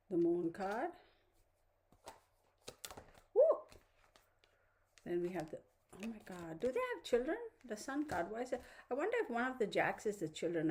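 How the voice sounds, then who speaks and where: A woman's voice: mid-range voice, a little mellow. A woman hosting a tarot channel who chats casually with viewers, laughs often and baby-talks to her dog. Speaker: tarot reader, channel host.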